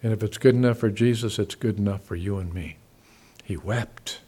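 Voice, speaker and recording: A man preaching a sermon, talking conversationally to his listeners, swinging from loud emphatic peaks to soft, quiet asides. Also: lowish voice, normal speed, slightly rough. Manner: conversational, asks the congregation questions. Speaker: pastor.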